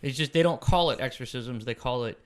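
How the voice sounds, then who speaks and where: A man talking casually on a podcast with an ordinary, mid-pitched voice. He stumbles and repeats words as he works through a thought, then pushes on. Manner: halting, repeats words while thinking. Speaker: podcast co-host. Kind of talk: casual chat.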